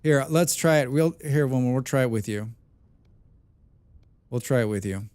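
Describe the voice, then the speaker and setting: A loud, excitable man streaming a survival game and chatting with his viewers. His voice is smooth and clear at an ordinary pitch, recorded close and dry with no room sound. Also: normal speed, no echo. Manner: loud and excitable, calls himself a passionate speaker.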